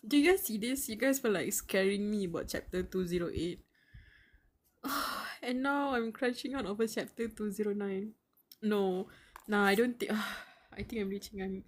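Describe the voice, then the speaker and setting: A young woman reading a web novel aloud on a live stream, sighing and laughing nervously between lines, slangy and emotional, breathing close into the mic. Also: mid-range voice. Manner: slangy, calls viewers bro and dude. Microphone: close mic, audible breathing.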